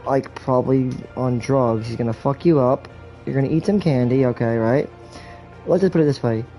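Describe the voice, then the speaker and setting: Crude joking game commentator, gravelly. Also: male voice, mid-range voice, normal speed, warm tone, faint music behind. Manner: crude, rambling jokes with swearing.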